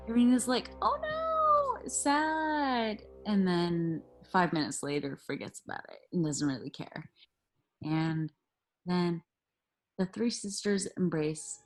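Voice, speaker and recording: A young woman, tipsy, rambles through a play's plot in loose, sweary slang and jumps into the characters' lines as she goes. Her voice sits a little low, with faint music behind her. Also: darkish tone. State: drunk. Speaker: drunk narrator. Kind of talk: tipsy comic retelling of a play.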